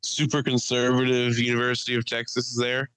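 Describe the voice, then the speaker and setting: A man's voice: medium pitch, monotone, brisk, a bit bright, clear, resonant tone, poor audio. A man co-hosting a casual podcast chat, joking, profane and teasing his friend. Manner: joking, profane, mocking put-on voices. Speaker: podcast co-host.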